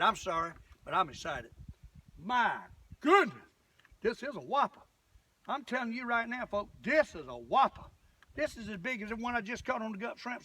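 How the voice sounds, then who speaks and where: An older man with a drawl, talking folksy and chatty to his viewers out on a boat. His voice runs high and bright, and it bounces all over the place. The camera mic sits a little way off, so he sounds distant outdoors. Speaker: fishing vlogger. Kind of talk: excited fishing vlog commentary.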